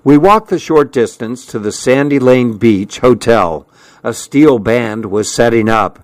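A man narrates a story in an unhurried, measured way. His voice sits at a middle pitch, and the recording is dry and close. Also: no echo. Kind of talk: audiobook narration.

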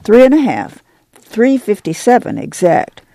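A woman's voice: fairly high pitch, sing-song, a little slow, vocal fry, mellow, no room sound, pitched above the performer's own voice, heavily acted. A woman reading an audiobook and voicing a tough, anxious farm mother in middle age who talks in a plain-spoken rural dialect. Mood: urgent.

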